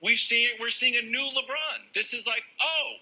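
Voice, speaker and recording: A male sports talk show host leading a lively debate, playful and teasing with his co-hosts. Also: extremely high pitch, moderate pace, low-quality recording. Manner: playful, laughs and teases co-hosts.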